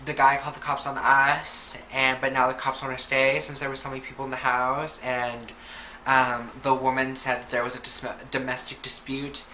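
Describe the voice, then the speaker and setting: A young woman chats through a casual storytime vlog, loose and profane, with "like" in every other phrase. Her voice is bright and forceful. The room rings with a roomy echo over faint noise. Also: extremely low pitch. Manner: chatty, heavy on "like" and swearing. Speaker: vlogger.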